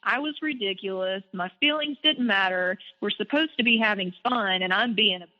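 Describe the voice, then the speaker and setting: A woman guest telling a personal story in an animated, candid way, with some swearing. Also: medium pitch, normal speed. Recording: dull lo-fi audio with long reverb.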